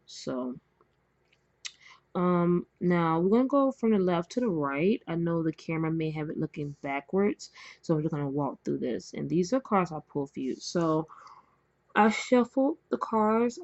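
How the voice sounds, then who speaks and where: Low-voiced woman doing a chatty tarot reading. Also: darkish tone, no room sound, highs cut off. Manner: chatty and rambling, with many fillers and apologies. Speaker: tarot reader. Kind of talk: casual spoken tarot reading. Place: indoors at a table with cards. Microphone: camera mic, face not shown.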